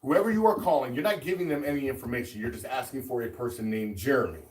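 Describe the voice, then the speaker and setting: Podcast co-host dude jumping in with questions, mid-pitched voice, roomy far-off mic. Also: male voice. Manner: quick interjections, questions and reasoning aloud. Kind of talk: casual podcast banter. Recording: roomy sound, mic at a distance.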